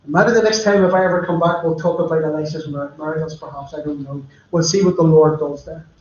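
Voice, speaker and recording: Preacher, echoey and muffled. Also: male voice, a little high, steady tone, fast talker, darkish tone. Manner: chatty storytelling, addressing listeners directly. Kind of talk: sermon. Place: church. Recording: echoey, muffled church livestream.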